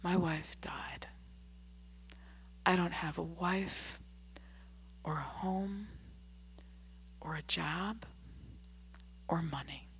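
Woman doing an angry drunk man, roaring storybook delivery, pitch pushed up. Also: lively intonation, a little slow, few pauses, long reverb tail, slight background noise, lightly acted. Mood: despairing. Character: drunk angry adult man, bellowing then broken.

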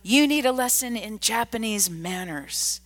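A woman reading aloud and voicing a drunk, angry man who roars his lines and later turns low and despairing. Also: animated, unhurried, in a large hall. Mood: roaring. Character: drunk angry adult man, bellowing then broken.

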